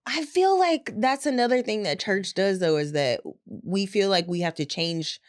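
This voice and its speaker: A woman from St. Louis co-hosting a podcast, speaking with a St. Louis accent at a middle pitch. Her talk is candid and reflective in a loose, casual chat. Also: expressive, normal speed. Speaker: podcast co-host.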